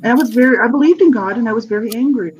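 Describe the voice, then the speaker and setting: Husky middle-aged adult, earnest and halting. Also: medium pitch, poor audio. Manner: earnest, halting, with frequent restarts and fillers. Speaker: guest author. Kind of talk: personal testimony in an interview.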